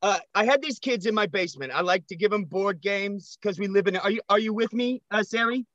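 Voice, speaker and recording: A man's voice: high-pitched, brisk, a bit bright, dry recording, muffled recording. Man doing a stammering, creepy old fellow. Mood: flustered. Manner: stammering, wheedling.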